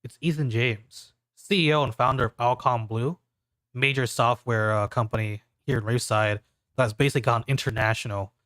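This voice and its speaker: A man's voice: mid-range voice, fairly even intonation, normal speed, a bit bright, dry recording. Laid-back male game master. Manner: loose, filler-heavy narration. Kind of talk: narrating a tabletop game.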